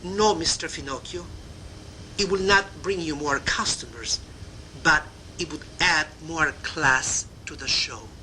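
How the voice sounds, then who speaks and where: A man playing a composed, sophisticated male stage singer answering calmly. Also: on the high side, measured pace, a little hiss or hum, rough recording. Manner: calm, composed.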